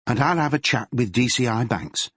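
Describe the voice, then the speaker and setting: A man voicing a brisk female detective giving instructions in an audiobook. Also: mid-range voice, lively intonation, fairly bright tone, husky, dry recording, voice pushed up. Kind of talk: audiobook character reading.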